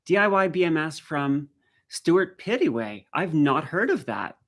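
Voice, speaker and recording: A middle-aged woman with a faint Maritime Canadian accent talks through a casual live stream. She is chatty and keeps answering viewer comments as she goes, in an easy, unhurried way. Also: low-pitched, very animated.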